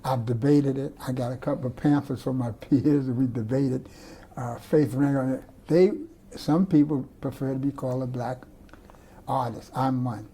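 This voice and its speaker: His mid-range voice is dark-toned and slightly rough, with fairly even intonation at a moderate pace. The older man, an artist, rambles and restarts as he tells stories in an oral-history interview indoors among his artworks.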